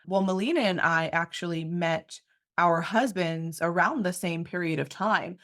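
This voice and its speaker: A woman's voice: lowish voice, measured pace, a bit bright. A woman in her thirties hosting a heartfelt interview, gushing and effusive, with lots of "like" and "you know". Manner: effusive, gushing, filler-heavy. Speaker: interview host.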